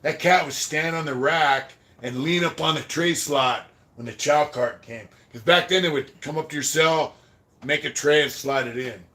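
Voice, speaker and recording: A man's voice: on the high side, normal speed. A man hosting a podcast, telling prison stories in a rambling, profane way and thanking viewers for super chats. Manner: rambling, profane, trails off quietly. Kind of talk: casual storytelling about prison life.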